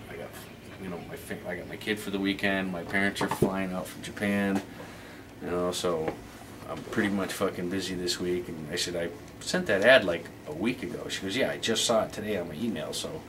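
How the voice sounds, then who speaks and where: A man's voice: low-pitched, noisy background. A man in his thirties telling a crude, profane anecdote in casual chat, acting out the dialogue as he goes. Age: 30s. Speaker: storyteller.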